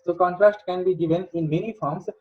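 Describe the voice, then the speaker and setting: A man giving a recorded engineering lecture, in a halting way with many fillers. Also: high-pitched, steady tone, a little hiss or hum. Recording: dull lo-fi lecture audio.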